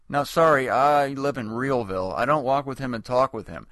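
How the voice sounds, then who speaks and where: A man's voice: medium pitch, normal speed, hardly any pauses, a bit bright, dry recording. Wry man rambling through a comic monologue. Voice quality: rambling, self-correcting, wry. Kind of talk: comedic monologue.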